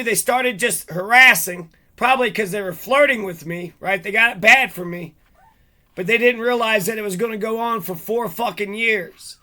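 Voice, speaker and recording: A man's voice: sits high, moderate pace, pushed and bright. A man talking alone to his audience in an agitated, rambling, heavily profane rant. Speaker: vlogger. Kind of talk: monologue to camera.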